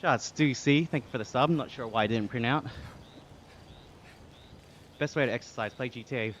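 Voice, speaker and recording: A brisk, fairly bright medium-pitched voice belongs to an Australian man streaming live from an indoor bike trainer. Breathing heavily from the effort, he reads chat aloud and thanks viewers, with slight background noise behind him.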